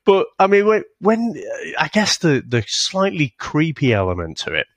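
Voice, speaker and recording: A man's voice: a little high, wildly swooping pitch, moderate pace, no room sound. A man co-hosting a podcast, chatting casually and rambling about a film, swearing and laughing often. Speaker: podcast co-host. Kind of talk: casual film-review chat.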